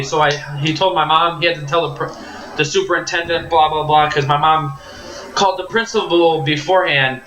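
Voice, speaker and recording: A man's voice: fairly high pitch, pushed and bright, echoey room, poor audio. A young man casually telling a long, heated story about a teacher, rambling and often restarting his sentences. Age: young adult.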